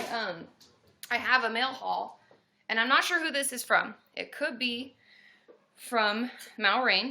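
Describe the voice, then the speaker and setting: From a room in her home, a female therapist runs a relaxed live stream, calling out to viewers by name and erupting into loud cheers. Her voice sits on the high side.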